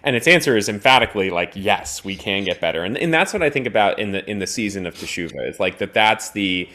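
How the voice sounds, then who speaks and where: A man's voice: on the low side, lively intonation, quick pace, bright, forceful tone. A man co-hosting a podcast, talking in a reflective way and posing questions. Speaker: podcast co-host. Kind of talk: casual podcast discussion.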